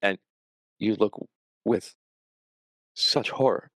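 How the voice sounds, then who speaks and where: A man narrating a tabletop role-playing game as game master, in a dramatic, measured way. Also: fairly low pitch, a bit bright, no echo, studio quality.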